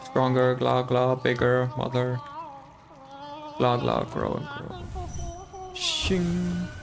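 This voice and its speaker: A man's voice: medium pitch, huge pitch swings, slow pace, creaky, heavily acted. A man reading out the lines of an odd, anxious worm creature in a game, chanting broken phrases full of repeated nonsense sounds. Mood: babbling.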